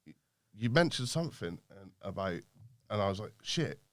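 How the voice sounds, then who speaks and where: Man, interview guest, low voice, quick pace, candid and sweary, dry recording. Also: sing-song, dry recording. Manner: candid, sweary, self-mocking. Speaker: business owner, interview guest. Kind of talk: casual interview, personal story.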